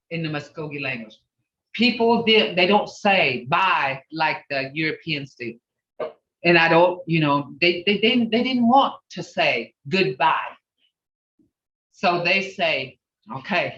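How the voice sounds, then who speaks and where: Slow, patient language teacher on a video call. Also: medium pitch, fairly bright tone, roomy sound. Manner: patient, reassuring, drills words syllable by syllable. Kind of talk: online language class. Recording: dull video-call audio.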